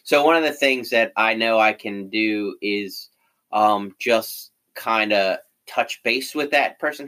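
A middle-aged man with a bright, forceful tone talks openly in relaxed conversation. He fills his sentences with "you know" and "like" and often restarts them. His voice sits a little low. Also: takes it slowly, smooth. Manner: candid, frequent fillers and self-corrections. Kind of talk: casual conversation.

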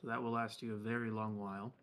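A man's voice: lowish voice, level tone, fast talker, a bit bright. A man running a tabletop game as game master, narrating casually with jokes. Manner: casual, jokey.

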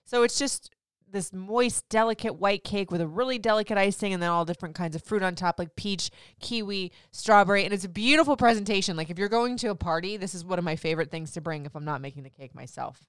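A woman's voice: mid-range voice, fast talker, clear, resonant tone, no room sound, clean studio sound. A woman hosting a podcast, gushing about food in a chatty, casual way with lots of filler words. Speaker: podcast host. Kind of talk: casual chat.

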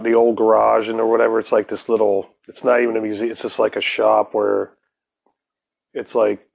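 A man's voice: lowish voice, gravelly. A man co-hosting a casual podcast, talking in a laid-back, profane, rambling way. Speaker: podcast co-host. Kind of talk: casual chat.

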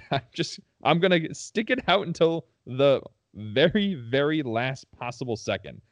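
A man co-hosting a casual chat, blunt and quick to swear and laugh. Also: mid-range voice, sing-song, no echo. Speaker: podcast co-host.

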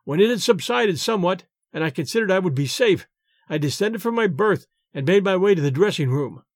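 A man narrating a short story audiobook in an expressive, animated way. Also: high voice, fairly quick, no echo, clean studio sound.

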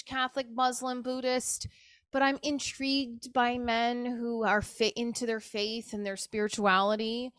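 A woman's voice: fairly high pitch, flat delivery, a little slow, fairly bright tone, clean tone, no room sound. Candid rambling woman, dry close sound. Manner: rambling, emotional, swears casually. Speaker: show creator talking to camera. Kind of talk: candid personal monologue.

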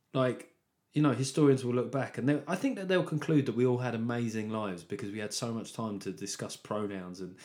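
A man's voice: medium pitch, a little mellow. A man from Britain hosting a solo podcast, rambling and swearing with a wry, casual tone. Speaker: podcast host.

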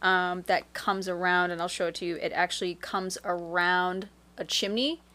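A woman's voice: on the low side, steady tone, moderate pace, pushed and bright. A woman guest in a casual interview, a paranormal researcher who tells her stories eagerly.

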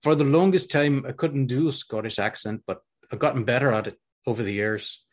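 A man at an ordinary, middle pitch co-hosts a podcast in loose, rambling conversation. He laughs easily, fumbles for names and wanders off topic with a relaxed, talkative manner. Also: fairly quick. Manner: chatty, rambling, laughs often. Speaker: podcast co-host. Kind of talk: casual chat.

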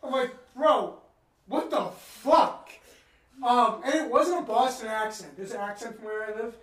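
A man's voice: very high-pitched, fairly quick, fairly bright tone, far from the mic. A man from New England hosting a podcast, telling a trip story in casual chat, rambling and swearing freely. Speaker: podcast host. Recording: roomy sound from off-mic.

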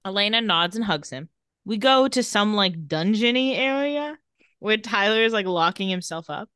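A woman co-hosting a casual recap podcast, retelling scenes and reading lines of dialogue in a flat, even voice. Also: medium pitch, moderate pace, clear, resonant tone, no room sound, studio quality. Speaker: podcast co-host.

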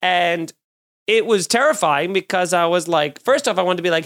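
A man, a comedian hosting a podcast, telling a story in a casual, animated way and acting out the other people's lines. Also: high-pitched, moderate pace. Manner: animated, acts out quoted voices.

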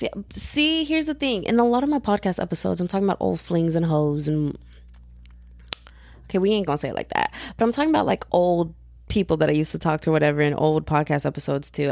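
A young woman from Texas hosting her own podcast in casual, rambling, slangy chat that keeps jumping up in pitch when she gets excited. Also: vocal fry, dry recording. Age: young adult. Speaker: podcast host.

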